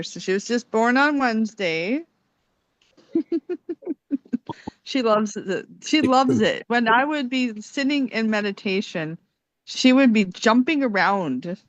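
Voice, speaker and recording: A young woman calmly sharing a personal story on a video call, soft-spoken and quick to laugh. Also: a little high, no room sound. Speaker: meditation group participant. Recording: dry, dull lo-fi call audio.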